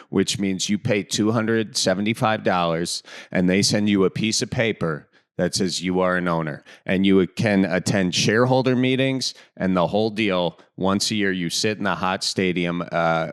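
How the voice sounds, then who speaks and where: A man's voice: low voice, normal speed, few pauses, clean tone. A man from Wisconsin hosting a podcast, easygoing and jokey, with many fillers. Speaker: podcast host. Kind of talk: casual podcast chat.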